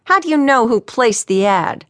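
A woman voicing a gruff, irritable male private investigator in his sixties with a New Orleans accent. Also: a little high, animated, moderate pace, a bit bright, no echo, clean studio sound, voice pushed up.

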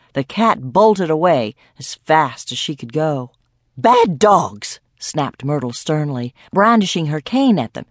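A woman reading a mystery audiobook aloud with lively storytelling, on a close studio mic. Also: low voice, dry recording. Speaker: audiobook narrator. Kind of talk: scripted narration.

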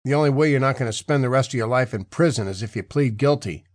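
A man's voice: mid-range voice, fast, no echo, clean studio sound, natural voice. A man voicing a sneering, bullying male cop who taunts and curses in an audiobook. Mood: taunting. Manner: taunting, crude.

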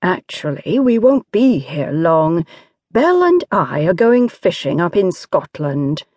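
Woman playing a jovial teenage boy, lowered bantering voice, slow and expressive. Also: dry recording, studio quality. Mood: teasing. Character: cheerful teenage boy, teasing older brother.

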